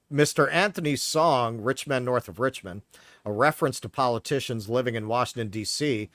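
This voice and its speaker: A man's voice: medium pitch, no echo. A man with a New York accent from Queens, co-hosting a political talk show, heated, sarcastic and swearing often. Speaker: podcast co-host. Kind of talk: casual political commentary.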